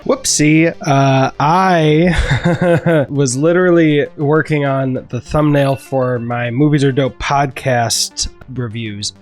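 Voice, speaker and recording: Man, casual movie vlogger, mid pitch, jokey and profane, quick to laugh, faint music bed. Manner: jokey, excitable, swears freely, laughs mid-sentence. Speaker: movie vlogger and podcast host. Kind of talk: casual vlog talk to camera. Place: on the move between home, car and cinema.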